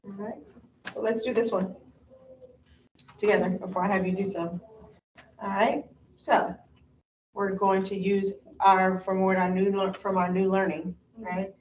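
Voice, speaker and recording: A woman's voice: medium pitch, flat delivery, a little mellow, slight background noise. Woman teacher prompting patiently, distant and roomy. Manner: patient, prompting with quick mm-hmms. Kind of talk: guiding a student through a reading lesson. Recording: roomy, distant, dull classroom recording.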